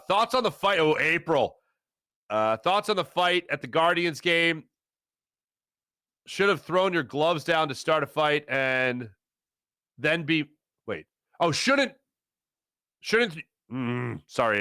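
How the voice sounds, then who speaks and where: A middle-aged man hosting a live sports talk show, answering chat in a rambling, animated way. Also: a little slow, long pauses, clean tone, no room sound, studio quality. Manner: animated, rambling, swings between low asides and loud bursts.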